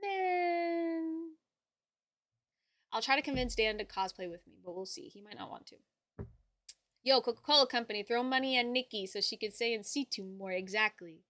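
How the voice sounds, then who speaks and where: Bright, gushing young woman streamer. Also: a little high, brisk, dry recording. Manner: gushing and profane, thanks viewers and reads chat aloud. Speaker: livestream host. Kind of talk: casual chat with viewers.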